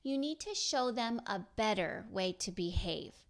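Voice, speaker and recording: A woman's voice: medium pitch, lively intonation. A woman hosting a podcast, speaking in an earnest, encouraging way straight to mothers. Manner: slow, earnest and encouraging, addressing mothers directly. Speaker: podcast host. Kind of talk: scripted podcast talk.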